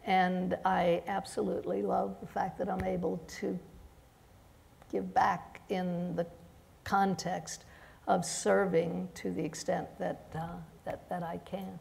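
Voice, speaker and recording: A woman judge speaking on a panel, halting with many restarts and fillers, who came to the country as an immigrant. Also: on the low side, little pitch movement, gravelly, darkish tone, slight background noise. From immigrant to the United States. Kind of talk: panel discussion.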